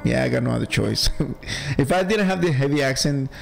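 A man's voice: mid-range voice, expressive, brisk, vocal fry, low-quality recording. A man with a heavy accent chats his way through a playthrough as a gaming channel host. He talks casually and laughs at himself, with faint game music underneath. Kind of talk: casual let's-play commentary.

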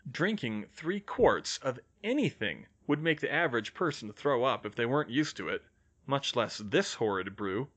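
A man narrating a fan fiction audiobook in an expressive reading style. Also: mid-range voice, normal speed. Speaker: reader.

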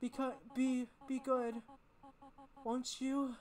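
A woman reading aloud the lines of a gentle, motherly female goat monster, in a soft, slow, earnest way. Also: high voice, little pitch movement. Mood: tender pleading.

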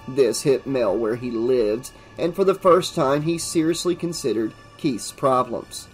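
A man's voice: medium pitch, measured pace, soft background music. Man narrating horror audiobook.

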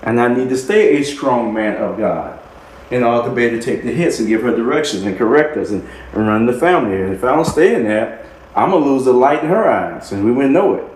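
A man's voice: mid-range voice, expressive, fairly quick, darkish tone. A man minister preaching a sermon with emphasis, repeating key phrases and chuckling between points. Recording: echoey room.

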